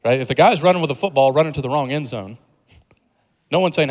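A man's voice: fairly high pitch, fast, darkish tone. A man preaching a sermon in a conversational, humorous way, building to emphatic points. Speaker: pastor. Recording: long hall reverb.

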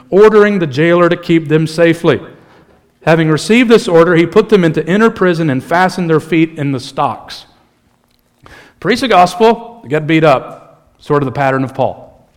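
A male pastor delivers a sermon in an animated, conversational style. He mixes humor into the preaching and speaks with a slightly high voice. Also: moderate pace.

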